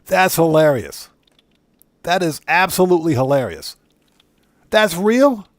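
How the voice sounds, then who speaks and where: Excitable male streamer, casual chat, fairly high voice, dry close mic. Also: a little slow, dry recording. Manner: chatty and excitable, greeting viewers. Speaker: game streamer. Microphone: streaming setup microphone.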